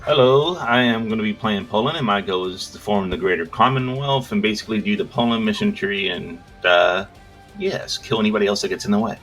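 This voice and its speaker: A man speaks over voice chat in a lowish voice, matter-of-fact with a dry edge. Faint music plays behind him. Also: fairly quick, fairly bright tone. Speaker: multiplayer game player. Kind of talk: voice-chat introduction.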